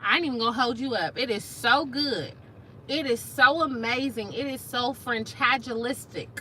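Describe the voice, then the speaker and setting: A woman's voice: a little high, normal speed, sharp tone, poor audio. A woman, chatting casually on a live stream and reading viewer comments aloud in a playful, slangy way. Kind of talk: casual chat.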